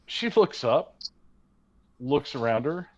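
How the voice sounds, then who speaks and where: Chatty game master, lo-fi voice chat. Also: male voice, on the high side, takes it slowly. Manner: relaxed, chatty narration with laughs. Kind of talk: narrating a tabletop game online. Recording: lo-fi online voice chat.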